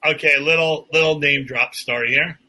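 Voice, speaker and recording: An older man with a very bright, husky voice chats casually on a podcast. He tells stories and laughs easily. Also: a little high, steady tone, moderate pace, rough recording. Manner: laughs often, tells anecdotes. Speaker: podcast co-host. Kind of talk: casual chat.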